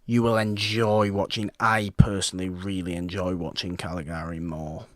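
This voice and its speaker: A man with a fairly low voice chats about films on a podcast. He talks animatedly, acting out his own reactions and often restarting his sentences. The sound is dry and close, with no room around it. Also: flat delivery, normal speed, no room sound. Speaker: podcast co-host. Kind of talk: casual film chat.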